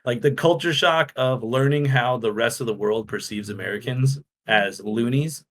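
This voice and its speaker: Man, podcast co-host, casual chat, bubbly, animated storytelling. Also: medium pitch, normal speed, a little hiss or hum. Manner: bubbly storyteller, acts out quotes.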